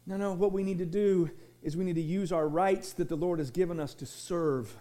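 A pastor preaching a sermon, emphatic, swinging from loud shouted points to low asides and often repeating words. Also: male voice, steady tone, moderate pace.

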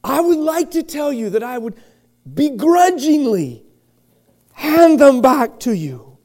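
A middle-aged male pastor preaching a sermon, chatty and joking, swinging from quiet asides to loud shouted bursts. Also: extremely high pitch, big pitch swings, slow pace. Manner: chatty, joking storyteller with many restarts.

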